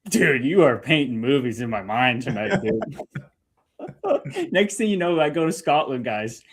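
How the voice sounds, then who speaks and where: A man hosting a casual livestream chat, relaxed and laughing often, calling everyone "dude". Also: medium pitch, measured pace, slightly rough. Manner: laid-back, peppered with "dude", laughs often. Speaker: host.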